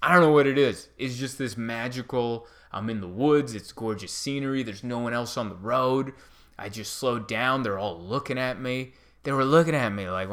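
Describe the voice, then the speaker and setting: A man hosting a podcast, telling a comic story in an animated, self-mocking way. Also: mid-range voice, moderate pace. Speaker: comedian podcast host. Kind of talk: casual comedic monologue.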